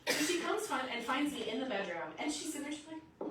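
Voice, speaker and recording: A woman preaching a sermon in a lively storytelling way, acting out the voices in her stories. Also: high-pitched, fairly quick, few pauses, noisy background. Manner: lively storytelling, acts out quotes. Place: church sanctuary. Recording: echoey church hall from a distance.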